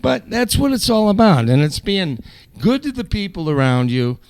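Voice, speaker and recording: A man, a rock vocalist, telling profane road stories loudly in a casual interview, now and then breaking into improvised song. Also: high voice, sing-song, normal speed, clear, resonant tone, no room sound. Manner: loud, profane, bursts into improvised singing. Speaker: guest vocalist.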